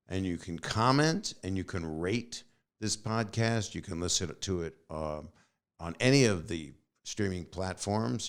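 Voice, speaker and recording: A man in his sixties with a very low voice signs off his podcast in a loose, rambling way. He tosses in joking asides and lets his sentences trail off quietly. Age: 60s. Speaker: podcast host. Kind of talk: casual podcast outro.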